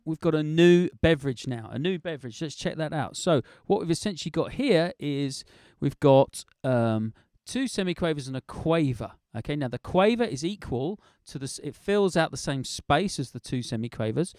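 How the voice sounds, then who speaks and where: A middle-aged man teaching a drum lesson, counting in and chanting rhythm words slowly in time, encouraging his students. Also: on the high side, a little mellow, no echo, clean studio sound.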